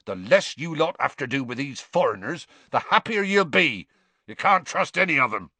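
A man's voice: on the high side, sing-song, normal speed, pushed and bright, breathy edge, no echo, pitched above the performer's own voice, heavily acted. A man doing Hagrid, a growling hot-tempered giant. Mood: grim. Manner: growling, blunt and indignant. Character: gruff giant male gamekeeper, hot-tempered.

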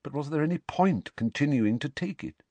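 A man reading a novel aloud as an audiobook narrator, in expressive storytelling narration. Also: moderate pace, dry recording. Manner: expressive storytelling, rising pitch on anxious questions. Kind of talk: scripted narration.

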